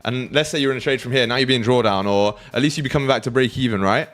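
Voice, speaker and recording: A man's voice: medium pitch, racing, fairly bright tone. A young British man hosting a live trading stream, chatting casually with his viewers, joking, swearing and laughing freely. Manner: banters with chat, swears freely, laughs often. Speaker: livestream trading host. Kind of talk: casual livestream chat with viewers.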